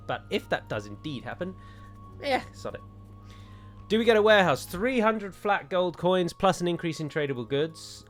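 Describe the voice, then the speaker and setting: A young man chatting through a strategy game in a let's-play commentary, self-mocking and jokey. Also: on the high side. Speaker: gaming YouTuber.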